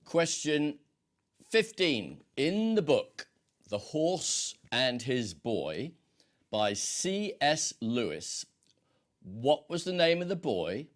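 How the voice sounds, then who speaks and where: A man hosting a casual quiz, rambling along with many hesitations and fillers. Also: mid-range voice. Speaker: quiz host.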